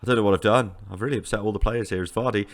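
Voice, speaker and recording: A man giving animated, exasperated commentary as he plays a football management game, often repeating himself. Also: fairly low pitch, rapid-fire. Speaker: gaming YouTuber.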